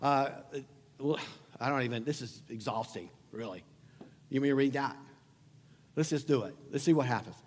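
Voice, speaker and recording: A man's voice: medium pitch, moderate pace, pauses often. A man preaching a sermon as pastor, talking in a conversational, emphatic way and repeating phrases. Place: church sanctuary. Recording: long hall reverb.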